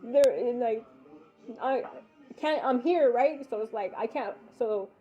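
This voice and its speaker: A woman with a fairly high voice tells a personal story in a loose, casual way. She acts out each exchange as she goes and swears freely. The recording sounds dull and lo-fi. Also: takes it slowly, dark tone, slightly rough. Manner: re-enacts dialogue, swears casually. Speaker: mother recounting a personal story.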